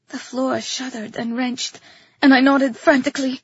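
Audiobook narrator: woman, high and breathy, slow, tense storytelling, lo-fi sound. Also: flat delivery. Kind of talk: scripted first-person narration.

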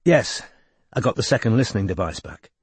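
A man voicing a brisk young woman detective. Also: lowish voice, big pitch swings, slightly rough, dry recording.

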